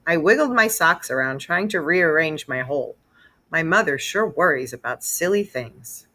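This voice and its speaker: Expressive woman reading a children's book. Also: low voice, normal speed. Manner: expressive, storytelling. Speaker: read-aloud narrator. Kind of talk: reading a children's novel aloud.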